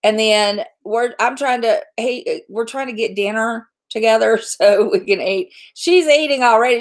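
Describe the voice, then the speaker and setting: A woman's voice: fairly high pitch, normal speed, hardly any pauses. Middle-aged lady livestreaming, chatty, laughs a lot, cusses casually. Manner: candid, chatty, laughs often, swears casually. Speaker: YouTube host. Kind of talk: casual live-stream chat.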